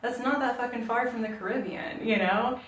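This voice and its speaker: A woman's voice: fairly high pitch, moderate pace, a bit bright. A young woman from Florida chatting casually on her vlog, rambling, swearing offhandedly and laughing often. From Florida, United States. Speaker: vlogger. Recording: echoey room, mic at a distance.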